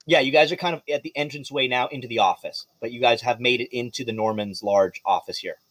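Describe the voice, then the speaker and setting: A man as game master running a tabletop game, lively and profane. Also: mid-range voice, fast talker, no room sound.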